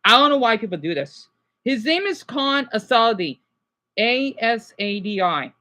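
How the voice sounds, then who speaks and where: A male livestreamer gives rambling reaction commentary, agitated, stressed and overwhelmed, stammering, restarting sentences and apologizing often. His voice is very high-pitched with big pitch swings, pushed and bright, at a moderate pace.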